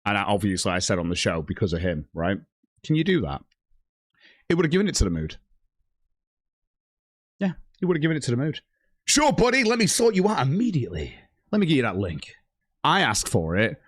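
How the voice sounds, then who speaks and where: A man's voice: on the low side, big pitch swings, brisk, pauses often, no room sound, clean studio sound. A man ranting angrily on his livestream, swearing heavily and reading out chat messages. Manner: profane, heated, reads chat aloud. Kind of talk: angry stream rant.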